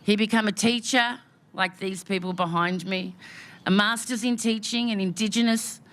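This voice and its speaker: A woman's voice: mid-range voice, steady tone, moderate pace. An Australian woman speaking at an outdoor memorial gathering, giving a heartfelt, emotional welcome speech with rhythmic repeated phrases.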